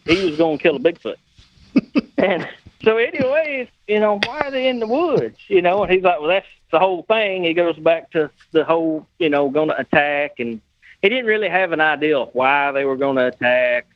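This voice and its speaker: Guy telling a story and doing everybody's lines, kinda high voice, dull dry recording. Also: normal speed. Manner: animated anecdote teller acting out quoted dialogue. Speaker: guest, custom car builder. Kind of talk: casual storytelling.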